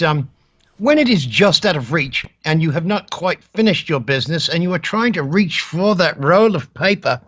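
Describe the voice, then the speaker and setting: An English man with a slightly raised pitch delivers dry, mock-formal banter on a comedy webcam stream. His voice comes through a slightly muffled webcam mic, dulled at the top end. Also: a bit bright. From England. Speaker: co-host of a webcam stream show. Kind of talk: casual comedic stream chat. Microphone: webcam microphone.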